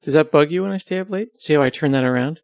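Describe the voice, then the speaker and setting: A man's voice: fairly high pitch, very fast, darkish tone, no echo. A man being interviewed on his podcast, chatting casually and joking about himself. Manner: joking, self-deprecating, rambling.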